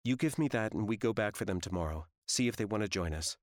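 A caring, steady young woman speaks softly with a gentle lift, as a male narrator with a deep voice puts her on. It sounds like a dry, close audiobook read. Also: fast talker, dry recording, close to an everyday voice. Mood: firm. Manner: soft, lightly raised voice. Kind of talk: audiobook character voice.

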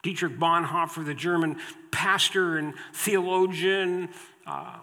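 A man's voice: fairly high pitch, steady tone, slow pace, pushed and bright. A man preaching a sermon from the pulpit, emphatic and repeating his key phrases. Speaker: pastor. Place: church sanctuary at the pulpit. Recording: long hall reverb in a church.

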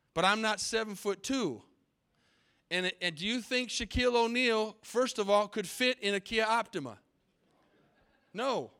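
In a church sanctuary, a middle-aged pastor preaches from the pulpit in a high, pushed and bright voice that sounds clear and resonant. He is emphatic and trades call-and-response with the congregation.

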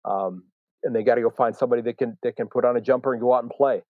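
A man's voice: mid-range voice, fairly even intonation, very fast, dry recording, narrow, tinny audio. An American man hosting a live podcast, talking in a rambling way with many fillers and restarts. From United States. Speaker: podcast host.

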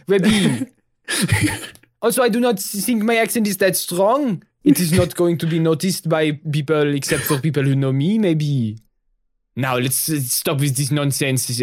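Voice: medium pitch, normal speed, pitched above the performer's own voice, natural voice. A player voicing a formal, accented woman in a techno gremlin body who speaks without contractions. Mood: dry.

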